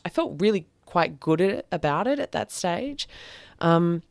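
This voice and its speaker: A young woman tells her own story as a podcast guest, frank and reflective, often pausing on fillers. Her voice sits on the low side. The recording is dry, close and without echo. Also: expressive, gravelly. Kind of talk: candid personal storytelling.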